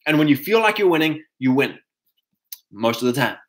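A man's voice: mid-range voice, very animated, moderate pace. A man giving a casual, rambling motivational talk to other men as a podcast host, full of fillers and restarts, calling his listeners chaps.

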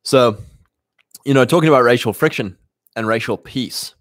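A man's voice: medium pitch, moderate pace, a bit bright, no echo, clean studio sound. A man hosting a podcast, talking in a casual, rambling monologue with many restarts and mocking put-on voices.

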